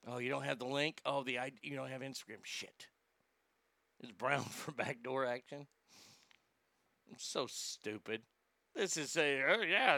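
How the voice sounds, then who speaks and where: A man's voice: medium pitch, expressive, measured pace, vocal fry, pauses often, pushed and bright, no room sound. A male comedy host rambling through the news in a profane, sarcastic rant, often stammering and restarting.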